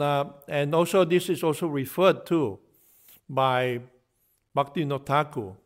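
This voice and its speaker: Man telling devotional stories in a class. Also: medium pitch. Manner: narrates with acted-out dialogue, frequent fillers and restarts. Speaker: guest speaker giving a morning class. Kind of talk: devotional storytelling lecture.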